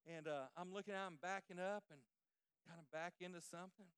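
Folksy preacher, high clear voice. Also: male voice, a little fast, no echo. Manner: folksy, emphatic, animated storytelling. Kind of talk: storytelling sermon.

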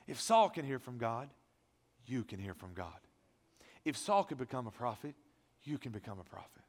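A man preaching a sermon as pastor, emphatic, swinging between loud declarations and hushed lines. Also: mid-range voice, sing-song, normal speed, long pauses. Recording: long reverb of a large hall.

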